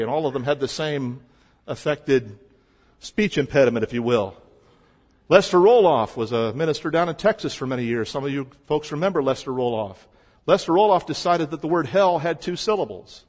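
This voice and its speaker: A man preaching a sermon as a pastor, shifting between quiet stretches and loud emphasis. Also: fairly high pitch, slightly rough, long reverb tail.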